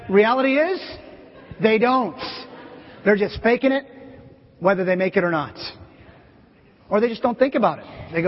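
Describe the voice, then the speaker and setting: A pastor preaches a church sermon in the sanctuary, playful and joking with volunteers on stage. His voice is very high-pitched, animated, and slightly breathy at a moderate pace, captured lo-fi with a long hall reverb.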